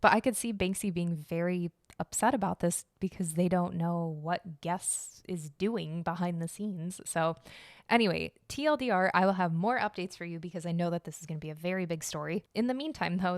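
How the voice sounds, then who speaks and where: A woman's voice: on the low side, dry recording, clean studio sound. A young woman hosting a casual solo art and history podcast, chatty and opinionated, with lots of fillers and asides. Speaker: podcast host.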